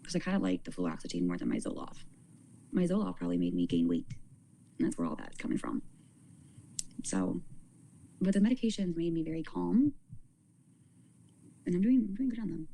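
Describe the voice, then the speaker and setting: A woman chats on her livestream in a low, dark voice that swings widely in pitch. She rambles and stalls, repeating words as she restarts, with a faint noise in the background. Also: very animated, brisk, creaky, long pauses, rough recording. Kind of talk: casual livestream talk.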